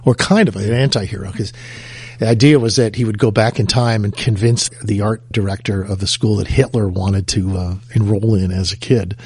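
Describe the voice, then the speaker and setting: Guy hosting a chat show, husky low voice, easygoing. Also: steady tone, moderate pace, a little mellow, no room sound. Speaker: show host. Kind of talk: casual chat.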